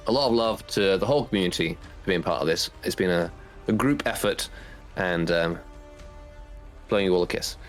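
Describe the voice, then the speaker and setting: Host: man, deep-ish voice, casual stream chat, rambling and warm thanks, faint music behind. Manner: rambling, heartfelt, many fillers. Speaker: tournament organizer and host.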